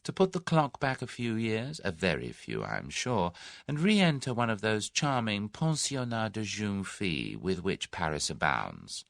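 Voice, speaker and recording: Oily, persuasive schemer in a storybook, put on by a male narrator, deep and gravelly. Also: big pitch swings, a little slow, a bit bright, no echo, full character voice. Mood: smooth. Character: large smooth-talking older businessman, scheming.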